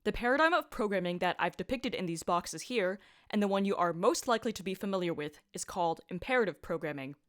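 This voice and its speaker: A woman's voice: mid-range voice, animated, quick pace, hardly any pauses. A woman lecturing on programming in a scripted voice-over, upbeat and playful with punchy asides. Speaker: computer science lecturer.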